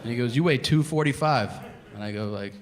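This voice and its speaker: A man in his thirties doing a stand-up comedy routine, telling stories and acting out both sides of each conversation in an animated way. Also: mid-range voice, fairly quick. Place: comedy club stage. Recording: live club set with hall reverb and audience noise. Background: audience laughter.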